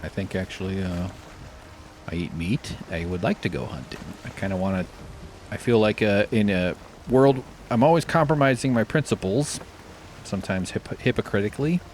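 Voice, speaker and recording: A man with a fairly low voice gives loose, casual commentary while he plays a game. He drifts from thought to thought, swears easily and makes jokes at his own expense. A faint hum of noise sits behind him. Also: moderate pace, a little mellow. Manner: rambling, swears freely, self-deprecating jokes. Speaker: game streamer.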